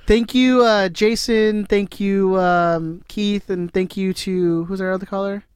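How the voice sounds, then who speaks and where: A man hosting a casual podcast chat in a relaxed, rambling way. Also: sits high, measured pace, clear, resonant tone, no echo, studio quality. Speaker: podcast host.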